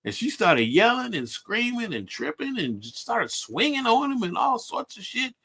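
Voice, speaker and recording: A man hosting a radio show, telling a street story in a laid-back, crude and boastful way, with halting restarts. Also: sits high, big pitch swings, creaky, pushed and bright, breathy edge. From Ohio. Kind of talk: casual profane storytelling.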